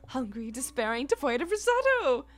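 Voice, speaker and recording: A woman voicing a flamboyant, theatrical man in a game, speaking in a booming, grandly formal way. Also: sing-song, normal speed, soft background music. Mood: boisterous. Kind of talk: game dialogue reading.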